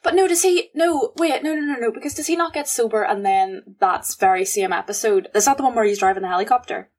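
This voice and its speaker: A young woman co-hosting a podcast, joking and laughing as she chats about a cartoon episode. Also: a little high. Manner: lively, giggly, quick to joke. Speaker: podcast co-host. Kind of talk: casual chat recapping a cartoon episode.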